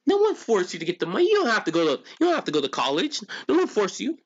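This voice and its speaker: A man's voice: sits high, huge pitch swings, quick pace. Ranting streamer man, dull lo-fi sound. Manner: ranting, incredulous, rhetorical questions. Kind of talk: live-stream reaction commentary to chat.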